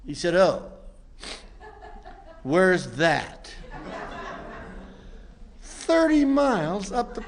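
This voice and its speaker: An older man telling a self-mocking story to a meeting audience in a wry, comic way that builds into shouting. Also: on the high side, sing-song, drawn-out words, pauses often, slight background noise. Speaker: recovery meeting speaker.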